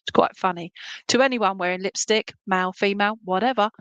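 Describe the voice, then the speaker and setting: A woman's voice: medium pitch, a little fast, a bit bright, clean tone, no room sound, dull audio. A woman working as a medium, giving a chatty, reassuring clairvoyant reading at a church service and often checking in with her listeners.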